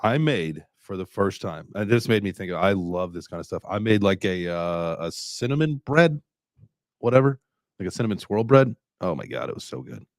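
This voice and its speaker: A man's voice: deep voice, expressive, moderate pace, no echo, clean studio sound. A man hosting a casual podcast chat, easygoing with trailing fillers. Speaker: podcast host.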